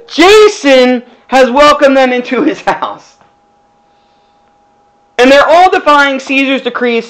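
A man's voice: very high voice, fairly bright tone, rough recording. Man preaching with rhetorical questions. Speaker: pastor. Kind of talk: sermon.

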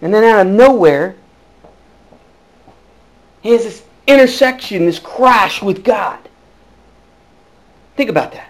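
A man. He is earnest, dropping to near-hushed tones before rising into emphatic bursts. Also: high-pitched, lively intonation, slow, pauses often, poor audio. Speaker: pastor. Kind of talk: sermon.

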